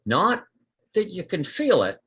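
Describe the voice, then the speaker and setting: A man as storyteller, narrating a tabletop role-playing game in a lively, descriptive way. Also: high-pitched, unhurried, husky.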